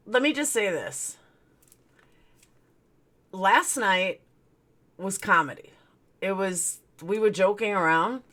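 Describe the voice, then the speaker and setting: A woman's voice: a little high, bright, forceful tone. A woman hosting her own livestream, chatting casually and joking as she greets viewers by name. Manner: greets chat viewers one by one; chatty, joking, laughs at herself. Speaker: livestream host.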